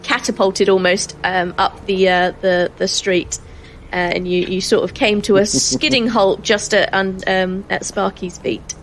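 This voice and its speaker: A woman's voice: medium pitch, steady tone, a little slow, slight background noise, rough recording. A woman narrating as game master of a tabletop game, with frequent fillers.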